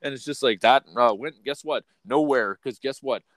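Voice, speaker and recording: A man's voice: medium pitch, normal speed, dry recording. Profane, rambling male podcast host. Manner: profane, rambling, swings between loud and quiet. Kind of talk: unfiltered casual rant.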